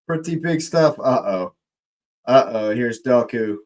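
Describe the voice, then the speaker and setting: A young man hosting a live football watch-along, excitable, laughing often and repeating his phrases. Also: medium pitch, a little slow.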